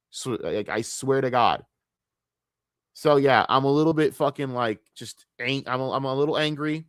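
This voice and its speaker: A man's voice: mid-range voice, a little fast, fairly bright tone, dry recording, studio quality. A man from the United States ranting on a casual livestream, frustrated and profane, rambling with many restarts. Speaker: streamer.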